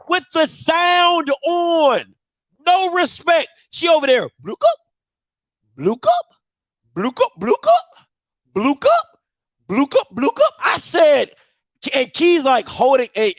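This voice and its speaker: A male podcast host tells a story during a casual live show, animated and swinging between loud outbursts and quiet murmurs. The recording has no echo.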